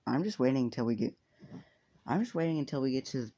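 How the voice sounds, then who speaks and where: A man's voice: medium pitch, fast talker, dull audio, slight background noise, lightly acted. A man voicing a cold, blunt teenage boy who brushes off classmates. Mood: dismissive. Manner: flat, dismissive.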